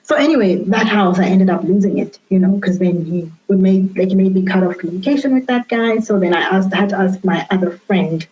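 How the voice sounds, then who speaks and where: A woman guest telling her own story candidly in a reflective way, often pausing and restarting her sentences. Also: medium pitch, mellow. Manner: reflective, with frequent fillers and restarts. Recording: dull lo-fi sound.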